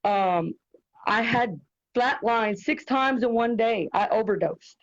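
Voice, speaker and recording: A woman's voice: a little high, slow. A woman as an interview guest, giving an earnest, heartfelt personal testimony with repeated phrases. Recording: dull lo-fi sound.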